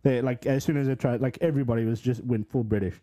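Dark-voiced South African young man chatting. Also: mid-range voice, fast talker. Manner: relaxed, teasing, chatty. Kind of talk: casual chat.

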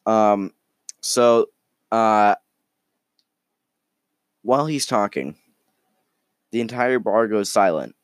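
A man rambling through an improvised story, halting and restarting often. His voice is lowish, smooth and resonant, with lively swings in pitch. The sound is close and dry. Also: no room sound. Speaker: storyteller, podcast host.

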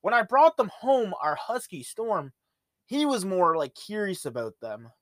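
A man's voice: sits high, very animated, a little slow, dry recording, clean studio sound. A man hosting a podcast, rambling through casual, profane stories in a laid-back way. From Ontario, Canada. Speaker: podcast host. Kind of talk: casual monologue.

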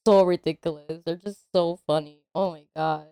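A woman co-hosting a podcast, chatting about a movie in an animated way, laughing often and acting out quotes. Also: lowish voice, normal speed, smooth, no echo, clean studio sound. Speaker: podcast co-host. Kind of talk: casual movie discussion.

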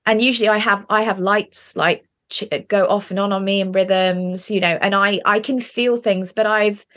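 A woman's voice: mid-range voice, steady tone, moderate pace, a bit bright. A woman hosting a podcast, responding with enthusiasm and talking casually, often repeating words as she goes. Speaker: podcast host.

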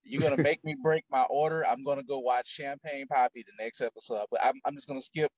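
A man's voice: mid-range voice, steady tone, quick pace, darkish tone, dry recording. A man co-hosting a podcast in casual, laid-back chat with rambling asides. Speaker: podcast co-host. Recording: dull dry lo-fi mic.

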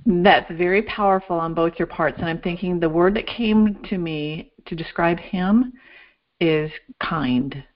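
A woman's voice: fairly low pitch, unhurried. A woman hosting a radio interview, speaking in a reflective, encouraging way. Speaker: radio show host. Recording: dull lo-fi sound.

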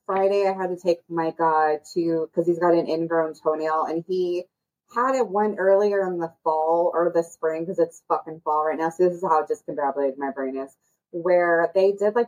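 A woman's voice: lowish voice, steady tone, normal speed, darkish tone, low-quality recording. Blunt, foul-mouthed woman. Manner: blunt, swears freely, rambling. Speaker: podcast co-host. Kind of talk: casual chat.

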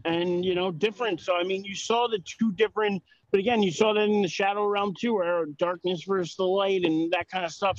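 High-voiced man hedging, lo-fi sound. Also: dry recording. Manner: measured, hedging, lots of fillers. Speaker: podcast co-host. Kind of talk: casual chat. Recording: slightly dull lo-fi audio.

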